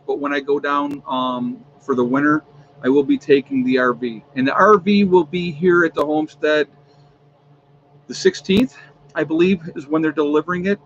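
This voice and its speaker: A man's voice: fairly high pitch, fairly bright tone, highs cut off, slight background noise. A man hosting a casual livestream from home, chatting with his viewers and filling his talk with ums and uhs. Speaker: livestream host.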